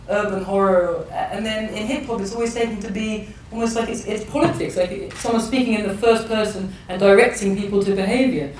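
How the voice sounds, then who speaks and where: An English novelist, a woman in her thirties, speaks thoughtfully and hesitantly at a public conversation, often restarting her sentences. Her voice is medium-pitched and picked up from afar in a large, echoey hall, with a little hiss or hum.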